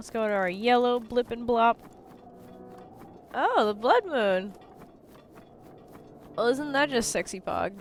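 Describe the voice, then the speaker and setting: A woman chatting over her gameplay in a goofy, joking way, swearing now and then. Her voice sits a little high and swings up and down a lot as she reacts. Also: lively intonation, slow pace, long pauses, slight background noise. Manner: goofy, playful, swears freely. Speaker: game streamer. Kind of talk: casual gameplay commentary.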